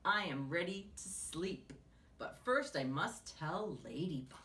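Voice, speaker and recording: A woman's voice: on the low side, expressive, slow, fairly bright tone, distant mic, pitched below the performer's own voice. A woman voicing a well-fed, sleepy woodchuck who talks with a content sigh. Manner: sighing, content.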